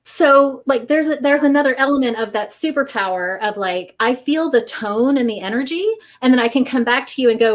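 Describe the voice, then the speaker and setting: A woman book editor talking in a casual interview, animated and acting out voices as she tells stories. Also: high-pitched, brisk, few pauses. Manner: animated, acts out voices when telling stories.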